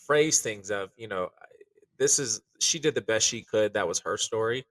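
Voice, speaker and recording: A man with a bright, forceful voice talks in an earnest, reflective way, dotted with fillers. His voice sits a little low. It is recorded dry but slightly off the microphone. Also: normal speed, no echo, recorded from a distance, rough recording. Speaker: chef. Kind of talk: candid podcast conversation.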